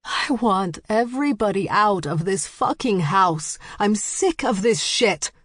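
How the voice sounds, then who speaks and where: Woman voicing bossy older sister, loud commands, raised voice, dry sound. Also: mid-range voice, expressive, a little slow, breathy edge, no room sound, pitched above the performer's own voice. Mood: fed up. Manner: barking orders, loud. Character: bossy, furious eldest sister.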